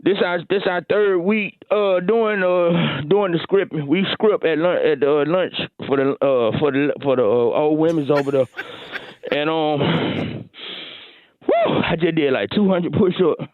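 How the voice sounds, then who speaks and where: A man's voice: on the high side, measured pace, phone-quality sound, pitched below the performer's own voice, lightly acted. A man doing breathless slangy gym bro. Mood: excuse-making. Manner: slangy, stumbling, rambling. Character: swaggering young man skipping work for the gym.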